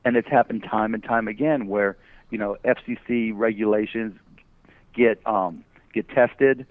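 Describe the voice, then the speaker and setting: A man's voice: on the low side, a little slow, no echo. A man guesting as an entrepreneur on a phone interview, arguing emphatically through rhetorical questions. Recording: tinny phone line.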